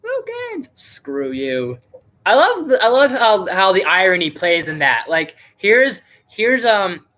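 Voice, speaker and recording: A man's voice: high-pitched, lively intonation, measured pace, few pauses, pushed and bright. A man hosting a casual live stream and reviewing a movie, rambling chattily with plenty of fillers.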